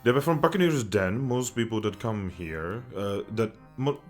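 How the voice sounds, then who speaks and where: A man's voice: lowish voice, lively intonation, normal speed, faint music behind, close to an everyday voice. A man voicing a proud, contented male shipwright who talks in old-fashioned formal phrases. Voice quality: archaic formal speech.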